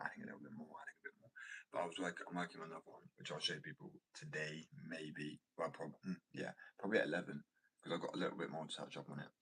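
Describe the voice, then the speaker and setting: A man's voice: a bass voice, gravelly, a bit bright, husky, low-quality recording. A young man from Wales chatting casually on a livestream, rambling and swearing freely as he talks about his artwork. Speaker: streamer and artist.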